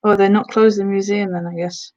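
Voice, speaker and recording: A woman from England's Black Country streams ASMR, her mid-range voice level, fairly quick and dark in tone. She chats between stretches of giantess role-play, answering viewers' comments, and the sound is muffled and lo-fi.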